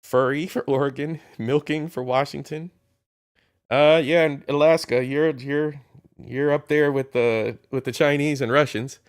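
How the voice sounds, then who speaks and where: An Ohio man hosts a casual reaction commentary, reading a list with mockery and profanity. His fairly high voice is clear and resonant, with a steady tone and measured pace.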